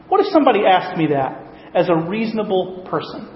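A man preaches a casual sermon to his church, relaxed and joking, leaning on frequent ums and you-knows. His voice sits a little high. The sound is slightly dull and carries the long echo of a large room, with faint ambience behind. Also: a little fast, a little hiss or hum. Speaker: pastor. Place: church worship gathering hall. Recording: dull, roomy hall recording.

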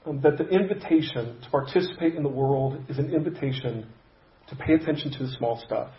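Guy preaching, telling a story, kinda halting, roomy slightly dull sound. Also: fairly high pitch. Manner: conversational, halting with restarts and soft pauses. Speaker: pastor. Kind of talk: sermon storytelling. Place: church sanctuary.

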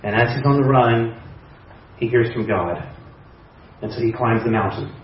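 A man's voice: mid-range voice, normal speed, slight background noise. A man preaching a sermon, retelling a story conversationally with imagined dialogue. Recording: echoey hall, distant mic, dull sound.

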